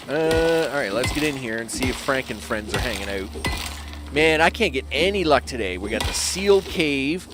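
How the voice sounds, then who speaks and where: Commenting casually on a live game, a male streamer talks to the animals on screen and gripes about his bad luck. His medium-pitched voice has lively intonation at a moderate pace, with noisy game ambience and vehicle sounds behind it.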